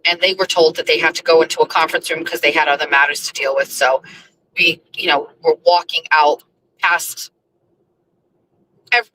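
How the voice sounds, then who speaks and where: A woman's voice: fairly low pitch, pushed and bright, slight background noise, low-quality recording. A woman hosting a casual live chat from her car while she drives, chatty, scattered and blunt, sounding emotional and overwhelmed. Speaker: host. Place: car, driving.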